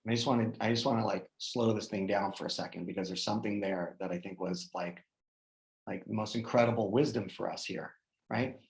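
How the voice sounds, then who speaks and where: Gravelly man telling a story, roomy sound. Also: on the low side, a little fast. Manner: animated, lots of "like" and restarts. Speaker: guest speaker. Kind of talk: personal storytelling in a group talk.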